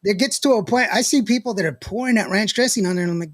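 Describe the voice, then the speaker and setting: A man hosts a podcast in casual chat, reading live comments and rambling along with frequent laughs and many restarts. His voice is high and fast, recorded with clean studio sound and no echo.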